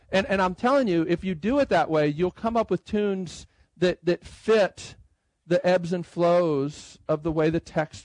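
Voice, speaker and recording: Man, fairly high voice, dry close sound, conversational conference talk, slow read-aloud lines. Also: no echo, rough recording. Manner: conversational, reads lines out slowly. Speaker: hymn writer speaking at a conference. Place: conference room.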